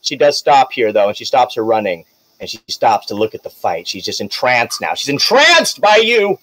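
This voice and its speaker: A man's voice: mid-range voice, sing-song, moderate pace, a bit bright, poor audio. A man narrating a tabletop game as game master, rambling and giggly as he corrects himself.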